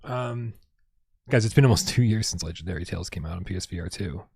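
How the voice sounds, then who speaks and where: A man's voice: low-pitched, quick pace, creaky, darkish tone, slightly rough, no room sound. A man hosting a casual gaming livestream at home, rambling and reading out viewer tips with lots of restarts. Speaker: livestream host.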